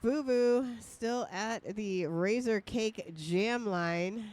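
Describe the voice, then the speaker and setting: A woman's voice: mid-range voice, extremely slow, a little mellow. A woman announcing a roller derby bout live, giving play-by-play with playful, jokey banter between calls.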